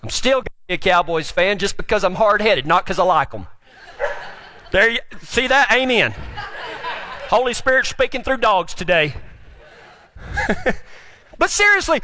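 A man's voice: sits high, big pitch swings, normal speed, pauses often, slight background noise. A man preaching a folksy, joking sermon as pastor. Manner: folksy, joking, builds to shouts.

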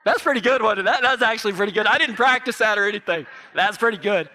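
A folksy middle-aged preacher with a drawl and a high, bright, forceful voice. He spins a story for his congregation and jokes along the way as he preaches. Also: fast, few pauses. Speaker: pastor. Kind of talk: sermon.

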